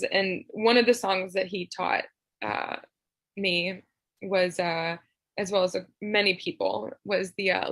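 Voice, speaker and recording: A young woman from Tennessee sharing a heartfelt personal remembrance over a video call, soft and emotional, with frequent laughs and fillers. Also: mid-range voice, no echo, poor audio. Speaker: memorial speaker.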